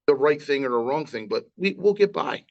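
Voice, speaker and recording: A man's voice: fairly high pitch, lively intonation, brisk, creaky, darkish tone, muffled recording. A middle-aged man, a guest on a podcast, speaking casually and emphatically in a straightforward way. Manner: emphatic, straight-talking, calls people "girl". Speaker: guest, family friend. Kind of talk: casual conversation.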